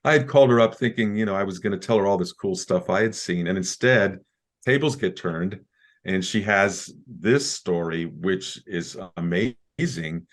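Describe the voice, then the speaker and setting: This is a man with a low voice. He is a guest on an interview show, speaking from his home bedroom. He recounts things in a relaxed, chatty way and drops in small jokes. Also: moderate pace. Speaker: interview guest, community founder. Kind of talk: conversational recounting.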